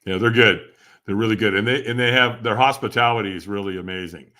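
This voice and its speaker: Lively laughing man telling a story. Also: lowish voice, fast talker. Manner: animated, laughs often, acts out quoted voices. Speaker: podcast guest. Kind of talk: casual storytelling interview.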